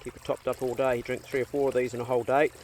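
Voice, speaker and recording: A middle-aged New Zealand man with a Kiwi accent films his farm chores outdoors on a handheld phone or camera, narrating a casual rural vlog in a laid-back, blunt, joking way. His mid-range voice is darkish, rapid-fire, and fairly flat in pitch, with slight background noise.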